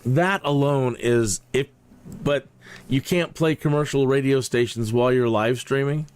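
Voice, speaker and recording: A man's voice: medium pitch, a little slow, a little mellow, clear, resonant tone, no echo. A man streaming a flight game, chatting in a rambling, jokey way with many fillers. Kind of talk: casual live-stream commentary.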